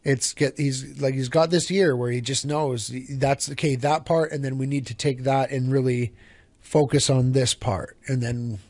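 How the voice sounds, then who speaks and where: A man's voice: medium pitch, steady tone, normal speed, a little mellow, no echo. Guy from a band rambling through a story, swears a lot, mid voice, super dry close sound. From Canada. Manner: rambling storyteller, swears freely, restarts sentences. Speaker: band singer and songwriter. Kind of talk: casual interview answers.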